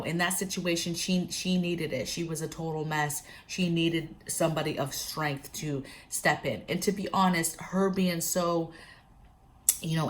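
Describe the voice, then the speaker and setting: Slight background noise accompanies a woman's low voice as she chats through a casual prepping vlog. Telling a story and handing out advice, she keeps talking directly to the people watching.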